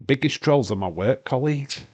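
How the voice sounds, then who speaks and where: A man's voice: mid-range voice, animated, moderate pace, a little mellow. A young Scottish man hosting a casual live-stream chat, rambling and swearing freely, his voice congested from hay fever. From Britain. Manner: rambling, sweary, laughs often.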